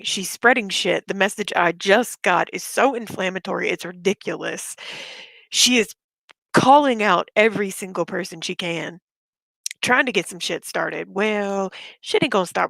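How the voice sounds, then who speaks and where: A woman's voice: medium pitch, normal speed, vocal fry, a bit bright, no echo. A woman ranting bluntly and with a lot of swearing in a casual live stream, sick with covid and short of breath. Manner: blunt, profane, fired-up. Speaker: livestreamer.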